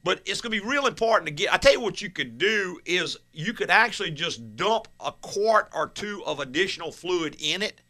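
A man's voice: sits high, animated, normal speed, sharp tone. A man hosting a call-in car repair radio show, giving plain step-by-step advice to callers. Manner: plainspoken, practical, explains step by step.

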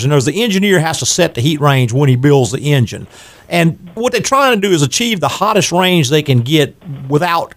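An older man hosting a call-in radio show on car repair, explaining at length and laughing easily. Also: fairly high pitch. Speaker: radio show host, garage owner.

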